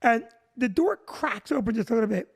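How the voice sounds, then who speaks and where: A male comedian telling a long comic story, animated and breaking into shouted punchlines. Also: very high-pitched, a little fast, creaky, breathy edge.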